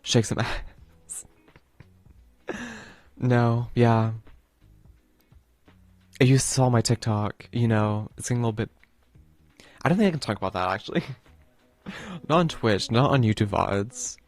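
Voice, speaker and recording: A man's voice: medium pitch, measured pace, long pauses, darkish tone, dry recording, soft background music. A man streaming a video game, chatting casually in a rambling, playful way full of fillers, and reading the game text aloud.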